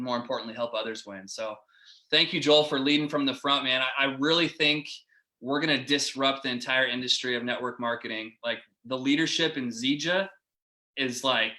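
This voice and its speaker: Guy in his 30s, bright punchy voice, hyping up the team on a zoom call. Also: medium pitch. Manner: eager, upbeat, addresses listeners as "you guys". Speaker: team member giving a testimonial. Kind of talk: enthusiastic testimonial.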